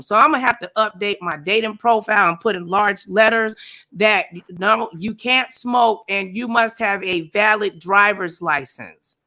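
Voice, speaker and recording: A woman hosting a casual gossip chat, telling a story loudly and dramatically and acting out what people said. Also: medium pitch, normal speed. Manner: loud, dramatic storytelling with laughs and acted-out quotes. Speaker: host. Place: Las Vegas area, at home.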